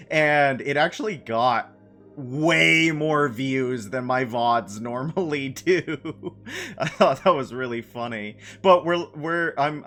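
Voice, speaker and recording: A man's voice: mid-range voice, a bit bright. A man live-streaming a game, chatting playfully with his chat, laughing and repeating phrases. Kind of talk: casual live-stream chat while gaming.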